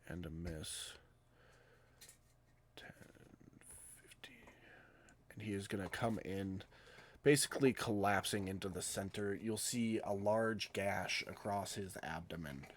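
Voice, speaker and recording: A man runs a tabletop game from his home streaming setup, describing hits and misses in a calm, matter-of-fact way. His voice sits fairly low. A faint hiss of background noise runs under it. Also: unhurried, long pauses. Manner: calm, matter-of-fact narration of combat results. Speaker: game master.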